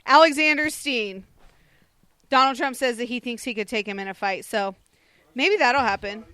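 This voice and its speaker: A woman co-hosting a radio show, reading celebrity news in a brisk, dismissive casual way. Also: a little high, pushed and bright, clear, resonant tone, dry recording.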